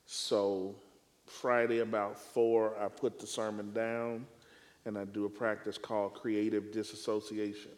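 A male preacher speaking in a panel discussion on preaching, with a measured, emphatic, deliberate way of phrasing. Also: lowish voice, level tone, a little mellow, long reverb tail.

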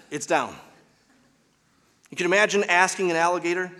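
A man's voice: high-pitched, brisk, pushed and bright, big-room sound, slight background noise. A man preaching a sermon as pastor, with an emphatic, repetitive cadence, recorded in a church.

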